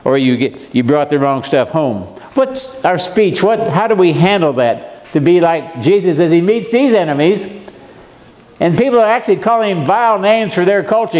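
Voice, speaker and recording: Folksy older man, higher voice. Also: expressive, moderate pace, darkish tone. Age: 70s. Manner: joking, asks the audience questions. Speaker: seminar speaker. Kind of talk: folksy Bible lesson to a congregation.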